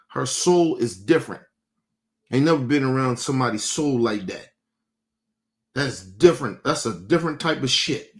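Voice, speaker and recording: A man hosting a livestream, talking bluntly and profanely to his chat in a casual rant, repeating and restarting words as he gets heated. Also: mid-range voice. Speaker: livestream host.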